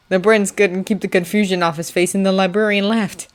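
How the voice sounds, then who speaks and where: A woman narrating a fanfiction audiobook with a steady, expressive reading. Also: on the low side, fairly quick, hardly any pauses. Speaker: audiobook reader.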